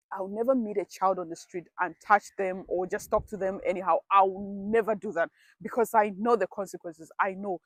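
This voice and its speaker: A woman vlogger who grew up in a village abroad tells a casual storytime, chatty and dramatic, often talking to herself. Her voice is mid-range, with no room sound.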